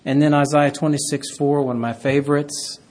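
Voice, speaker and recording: A pastor preaching a sermon, reading scripture aloud and rising loud on key words. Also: male voice, fairly high pitch, level tone, fairly quick.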